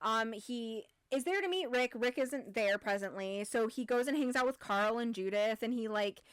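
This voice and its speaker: Woman co-host, lively, higher-pitched, swears a lot, dry close sound. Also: normal speed, smooth, no echo. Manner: animated, swears freely, acts out quotes. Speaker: podcast co-host. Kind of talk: casual chat.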